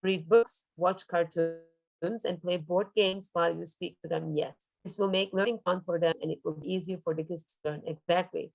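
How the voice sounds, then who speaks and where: A woman trainer leading an online workshop on early foreign-language teaching, animated and showing her materials over a video call. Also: fairly low pitch, moderate pace, vocal fry, no room sound, low-quality recording. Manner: animated, demonstrative, shows props.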